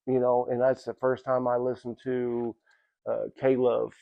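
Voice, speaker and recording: A man giving a casual personal testimony at church, telling it in a halting, rambling way with many restarts and "you know what I'm saying.". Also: mid-range voice, completely flat delivery, creaky, dull audio.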